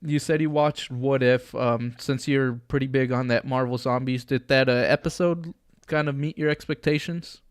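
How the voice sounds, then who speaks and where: Male host, casual chat, smooth clear voice, dry close sound. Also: medium pitch, fairly even intonation, normal speed, few pauses, dry recording. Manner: steers talk, asks panelists questions.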